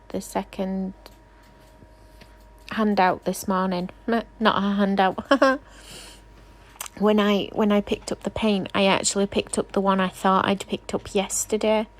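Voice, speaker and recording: A woman's voice: mid-range voice, flat delivery, slow, pauses often. A woman nail technician doing a casual, rambling tutorial voice-over, chatty and self-deprecating, often apologizing.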